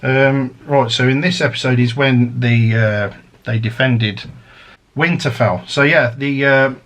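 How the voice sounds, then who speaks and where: A man's voice: medium pitch, fairly even intonation, a little slow, a bit bright, a little hiss or hum. A man chatting casually as he unboxes a collector's set, rambling and drifting into fan theories. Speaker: unboxing vlogger.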